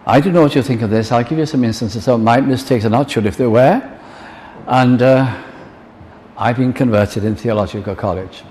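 A man's voice: medium pitch, moderate pace, a little mellow, a little hiss or hum. An older man preaching a sermon, earnest, quoting hymn lines and acting out little dialogues. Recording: long reverb in a large hall, faint ambience.

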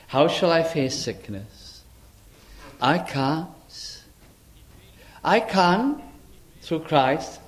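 An older man preaching a sermon, unhurried and reflective, slowing right down to stress lines of scripture. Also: on the high side, big pitch swings. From Wales. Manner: unhurried, reflective, with dramatic slow emphasis on scripture.

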